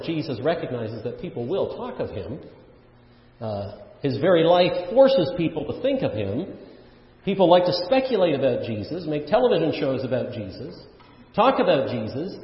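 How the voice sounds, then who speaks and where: A man's voice: medium pitch, reverberant, long reverb tail, muffled recording. A man preaching a sermon, earnest and emphatic, often restarting his sentences. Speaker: pastor.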